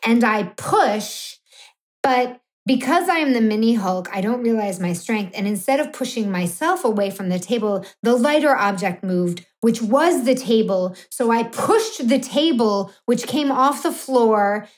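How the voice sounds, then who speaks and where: A podcast co-host tells an explicit story bluntly and with self-mockery, in candid comedic fashion. Her voice is on the high side, expressive and a little slow.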